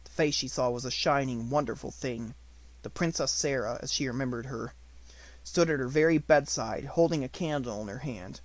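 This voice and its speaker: A man reading an unabridged novel aloud as an audiobook narrator, with expressive storytelling. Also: mid-range voice, normal speed, no room sound.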